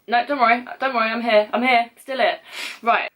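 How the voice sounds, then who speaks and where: A woman's voice: fairly high pitch, steady tone, a little fast, fairly bright tone. A young woman with a British accent, rambling and giggling through casual vlog outtakes, often mocking herself. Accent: British English. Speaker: vlogger.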